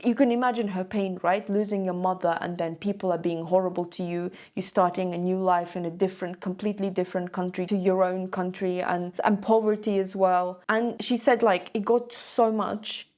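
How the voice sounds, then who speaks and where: A woman's voice: fairly low pitch, flat delivery, moderate pace, few pauses, a little mellow. A young woman vlogger telling a story to camera in a casual, chatty way, often checking in with "okay?".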